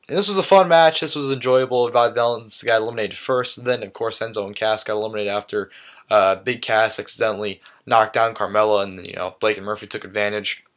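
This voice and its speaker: A man's voice: on the low side, a bit bright. A young man giving a casual, enthusiastic recap in his own words, often saying "awesome" with many fillers and restarts. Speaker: vlogger recapping a live wrestling event.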